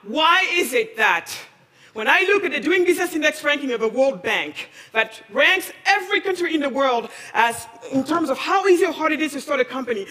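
A woman from Senegal giving a passionate conference talk, firing off challenging questions and rising to near-shouting. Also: high-pitched, animated, a little fast. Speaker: speaker at a conference. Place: large conference hall. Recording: long reverb of a large hall.

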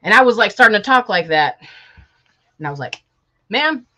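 A woman's voice: mid-range voice, expressive, fairly quick, pushed and bright. A woman from Chicago, chatting casually and joking with viewers on a live stream while working on a sewing project at home. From Chicago, USA. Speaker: sewing vlogger.

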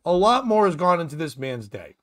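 A man's voice: a little high, sing-song, brisk, a bit bright. A man hosting a casual comedic talk show, riffing and ranting with lots of swearing. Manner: profane, riffing, rambling rants. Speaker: podcast host.

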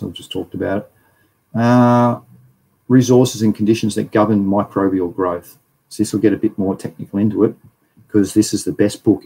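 A man's voice: on the low side, vocal fry, warm tone, breathy edge, rough recording. A middle-aged Australian man giving a casual, rambling livestream lecture and reading viewer chat aloud.

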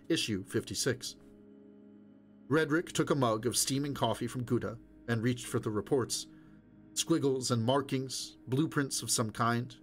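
A man reading a novel aloud as audiobook narrator, in a steady, measured way. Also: mid-range voice.

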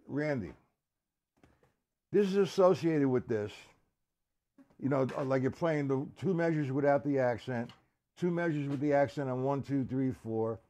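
A man teaching a live-streamed drum lesson, chatting with viewers by name in a halting, casual way. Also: mid-range voice, warm tone. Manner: halting, restarts and fillers. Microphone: computer or camera mic on a live stream.

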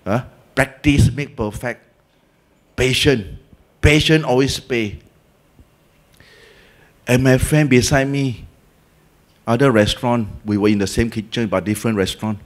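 A man with a Singaporean English accent gives a Dhamma talk as a Buddhist teacher. He tells the story lively, acts out the people in it, and mixes in colloquial local words. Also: medium pitch, measured pace, pauses often. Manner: colloquial, Malay and Hokkien words mixed in.

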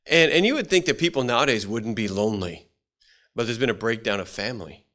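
Folksy preacher man, halting delivery. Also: mid-range voice, lively intonation, a bit bright. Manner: folksy, halting delivery with many restarts and fillers; clears throat often. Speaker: pastor. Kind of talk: sermon.

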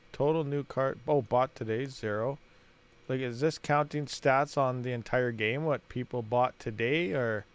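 A man hosting a gaming channel, rambling and thinking aloud as he plays and talks to his viewers. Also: medium pitch. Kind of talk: casual gameplay commentary.

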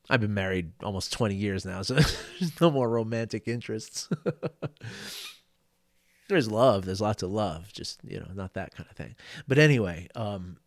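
A middle-aged male coach telling personal stories, animated, often laughing and acting out quotes. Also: lowish voice, unhurried, pauses often, no room sound, studio quality. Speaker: life coach. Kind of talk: reflective storytelling monologue.

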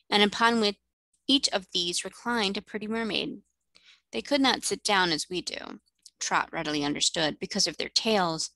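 A woman tutor reading a novel aloud in steady, clear storybook narration. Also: fairly low pitch, no echo.

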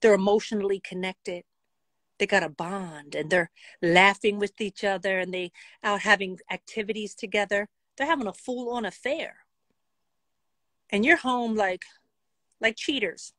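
A woman telling a casual storytime vlog in a blunt, profane and animated way. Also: mid-range voice, normal speed, no echo. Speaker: vlogger.

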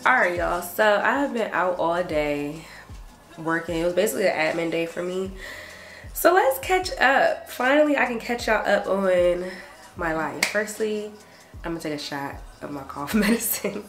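A young adult woman vlogger chatting casually to her camera, animated and saying "y'all" a lot. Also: lowish voice, normal speed. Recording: roomy echo, faint music behind.

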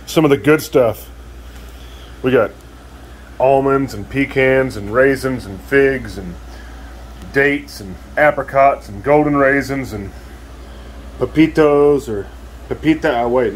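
A man's voice: medium pitch, slight background noise, low-quality recording. A man filming a casual vlog at home, rambling and swearing as he talks to the viewer. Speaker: vlogger. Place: at home, indoors.

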